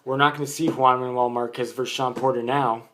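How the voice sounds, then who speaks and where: A man's voice: medium pitch, flat delivery, a little fast, fairly bright tone, a little hiss or hum. A man giving a casual, blunt boxing opinion monologue, rambling with many fillers. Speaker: boxing vlogger.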